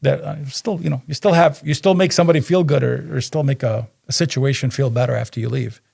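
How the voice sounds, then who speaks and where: A man's voice: medium pitch, fast talker, gravelly, slightly rough. A man, a business co-founder guesting on a podcast, telling stories casually and acting out the dialogue. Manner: animated storyteller who acts out dialogue. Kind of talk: casual interview storytelling.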